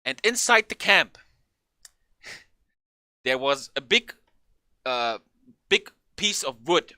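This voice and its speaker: Animated young man telling a story. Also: medium pitch, drawn-out words, clear, resonant tone, no echo. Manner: animated, swearing, acts out quotes in a raised voice. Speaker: vlogger. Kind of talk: casual storytelling.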